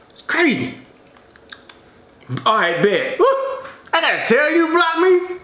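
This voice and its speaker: A man tells a story to camera in a lively, sing-song way, his pitch leaping around as he laughs through it. His voice is bright and forward. The room around him is echoey. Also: takes it slowly, pauses often. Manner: animated, laughs often, drawling asides. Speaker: mukbang vlogger. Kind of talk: casual storytelling to camera while eating.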